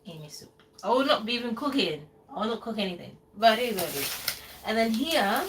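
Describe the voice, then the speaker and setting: A woman's voice: on the high side, big pitch swings, brisk. A woman hosting a casual live cooking stream from her home kitchen in the UK, chatting loosely and rambling while she answers viewers. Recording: distant mic with noticeable background noise.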